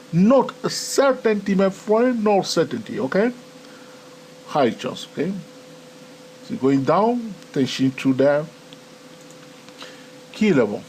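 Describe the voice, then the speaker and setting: Man, non-native english accent, trading tutorial, lively swooping pitch, faint background hiss. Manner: animated, repetitive "okay?" and "my friend". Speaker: trading educator. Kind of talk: live screen-recorded trading tutorial.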